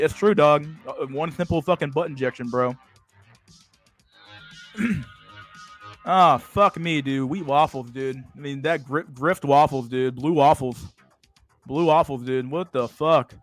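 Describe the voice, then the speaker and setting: A young man hosting a casual livestream, with profane, slang-heavy talk full of "dude" and "bro" and frequent restarts. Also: medium pitch. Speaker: livestream host.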